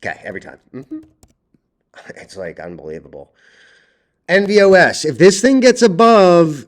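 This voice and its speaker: Blunt high-voiced man ranting about stocks. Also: sing-song, moderate pace, pauses often. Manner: blunt, swearing, rambling with restarts. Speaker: stock market video host. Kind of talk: ranting stock chart commentary.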